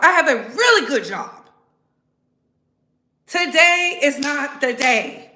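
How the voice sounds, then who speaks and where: An animated woman hosts her own live commentary stream, hammering points home through repetition. Her voice sits a bit high and rings bright and sharp. The room around her is echoey. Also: takes it slowly, long pauses. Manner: animated, repeats phrases for emphasis. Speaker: commentary vlogger, channel host.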